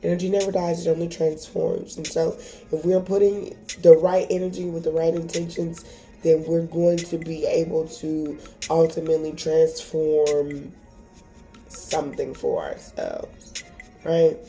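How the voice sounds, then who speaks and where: A woman's voice: low voice, flat delivery, a little slow, mellow, faint music behind. A woman giving a casual tarot reading to camera, emotional and encouraging, swearing freely. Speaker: tarot reader.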